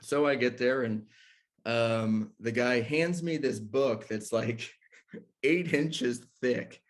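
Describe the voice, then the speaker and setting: A man's voice: medium pitch, slow. A man casually telling a personal story, acting out what people said and laughing between lines. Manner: animated storyteller who acts out quotes and laughs between lines. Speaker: ministry discussion guest telling a personal story.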